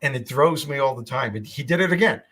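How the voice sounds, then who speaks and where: An older man with a New York accent, hosting a podcast and telling stories in a husky voice. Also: mid-range voice, quick pace, slight background noise. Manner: storytelling, animated. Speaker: podcast host. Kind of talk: casual chat.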